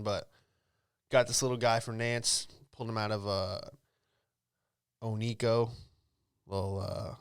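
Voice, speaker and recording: A man's voice: mid-range voice, fairly bright tone, clean tone, no room sound, clean studio sound. A young man, a comedian, riffing casually through a solo comedy monologue in a rambling, offhand way, with lots of fillers. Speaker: comedian and podcast host.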